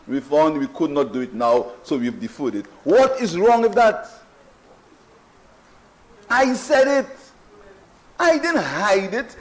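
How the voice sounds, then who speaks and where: A man's voice: sits high, low-quality recording. A man with a Saint Lucian accent giving a rebuttal speech in a parliamentary debate, emphatic and mocking, often repeating his phrases. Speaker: prime minister in parliament. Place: parliament chamber.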